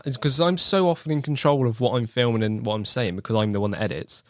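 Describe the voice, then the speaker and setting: A man's voice: mid-range voice, quick pace, a bit bright, no echo, studio quality. A man with a West Country accent, a guest in a casual podcast chat, talking in an easygoing, thoughtful way and laughing often. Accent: West Country English. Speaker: podcast guest, angling video maker.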